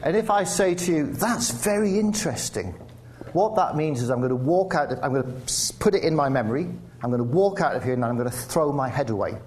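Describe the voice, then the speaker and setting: With a medium-pitched, expressive, slightly mellow voice, the English guest speaker talks quickly and barely pauses. His public lecture in the theatre is conversational, sprinkled with wry asides and frequent restarts, and faint hall noise can be heard.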